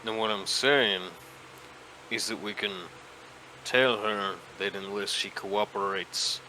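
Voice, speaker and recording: A man playing in a tabletop game, arguing his point deliberately. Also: on the low side, steady tone, pushed and bright, a little hiss or hum, low-quality recording. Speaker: player.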